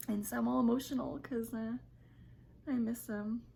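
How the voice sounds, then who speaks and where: A woman vlogging casually from her home kitchen, chatty and emotional, sometimes dropping to a soft whisper. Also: a little high, steady tone, normal speed, vocal fry, a little hiss or hum. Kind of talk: casual home vlog chat.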